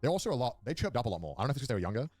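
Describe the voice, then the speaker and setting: A young streamer talks at a very fast clip in casual chat, his pitch swinging up and down as he tells stories. His voice sounds dry and close, with no room echo. He laughs between lines and swears freely. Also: sing-song, a little mellow, faint music behind. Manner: rambling, laughing storyteller with frequent swearing.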